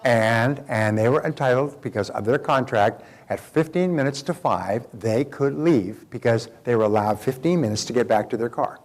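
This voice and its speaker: A man's voice: medium pitch, moderate pace, few pauses. An older man speaking as a motivational speaker, telling a story in a loose, folksy way full of fillers and restarts. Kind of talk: seminar talk with a story.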